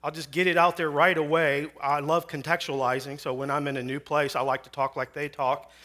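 A man's voice: fairly high pitch, flat delivery, fairly quick, pushed and bright. Joking, conversational guest preacher, a man. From Chicago, US. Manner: conversational, joking asides, frequent fillers. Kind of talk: sermon with personal testimony.

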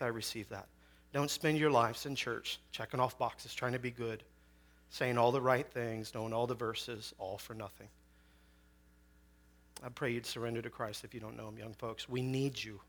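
A man's voice: mid-range voice, steady tone, moderate pace, long pauses, fairly bright tone. A man in his forties from Chicago, preaching as a guest speaker with personal testimony, conversational, with joking asides and frequent fillers.

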